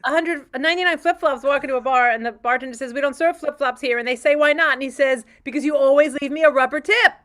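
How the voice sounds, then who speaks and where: A woman improv player tells a made-up joke with quick, animated energy. Her voice is high and bright.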